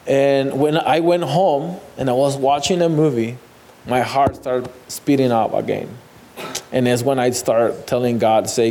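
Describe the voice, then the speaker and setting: A man's voice: mid-range voice, dark tone. Man telling his testimony. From Mexico. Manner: halting, repeats words, non-native phrasing. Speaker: guest sharing testimony. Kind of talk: personal testimony.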